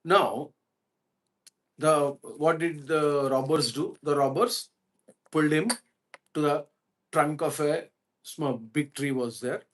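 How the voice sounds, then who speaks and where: Slow-speaking man telling a parable. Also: on the high side, slight background noise. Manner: asks the audience questions while telling a parable. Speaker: spiritual teacher. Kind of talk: storytelling sermon.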